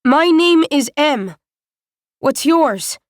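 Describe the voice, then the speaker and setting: A determined young girl who has lost her memory gives short, firm orders, as a woman reader voices her. Her voice sits a little high and the recording is dry. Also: animated, very slow, no echo, full character voice. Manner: firm, curt, commanding.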